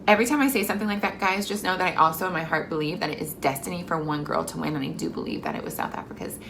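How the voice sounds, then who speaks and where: Talking to camera in a casual vlog, a young woman of Mexican heritage gushes chattily with plenty of fillers. Her lowish voice races along very fast over background noise.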